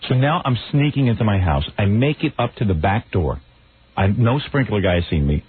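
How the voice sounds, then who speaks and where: A man's voice: on the low side, brisk, husky. A man hosting a radio talk show, telling a comic story and acting out the quotes in a raised voice. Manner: animated, acts out quotes in raised voice. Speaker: radio host. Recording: tinny phone-like radio broadcast.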